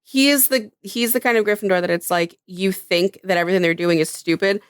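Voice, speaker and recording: Animated woman podcaster acting out bits. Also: mid-range voice, clean tone, no room sound, studio quality. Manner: animated, acts out characters' lines in quick bits. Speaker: podcast co-host. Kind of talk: casual podcast chat.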